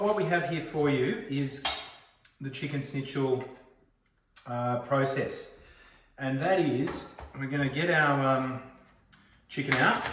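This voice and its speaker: A man's voice: mid-range voice, noisy background. Chatty Australian man in an echoey room. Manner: chatty, rambling storyteller. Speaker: cooking video host. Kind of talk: casual home cooking vlog. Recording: roomy echo, mic far off.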